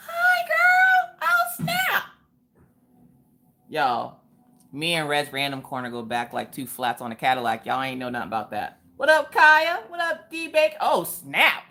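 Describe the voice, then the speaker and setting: A woman running a casual livestream greets viewers by name, her pitch leaping up and down with energy. Her manner is relaxed and joking, packed with playful exclamations and chatty asides.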